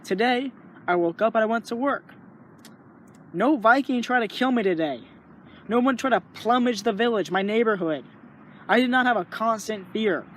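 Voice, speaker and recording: A man's voice: high voice, expressive, moderate pace, a bit bright, slight background noise. A young man talking earnestly in a rambling, casual way, sharing his thoughts and acting out little inner voices. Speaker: vlogger. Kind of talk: casual spoken reflection.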